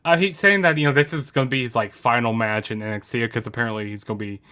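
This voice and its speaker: A man's voice: medium pitch, fast talker, pushed and bright, clear, resonant tone. A man co-hosting a casual podcast over an online call, chatty and joking, laughing often. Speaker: podcast co-host. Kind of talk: casual chat.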